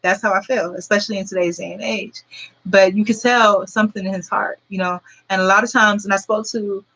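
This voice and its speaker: A woman's voice: mid-range voice, steady tone, a little fast, a bit bright, husky, poor audio. A woman in her forties telling a story straight to her viewers, rambling and earnest, full of fillers. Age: 40s. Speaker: vlogger.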